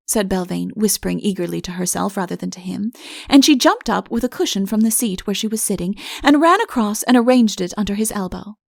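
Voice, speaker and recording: A woman reading a storybook as an audiobook narrator, in a measured, clear manner. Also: medium pitch, animated, no echo, studio quality.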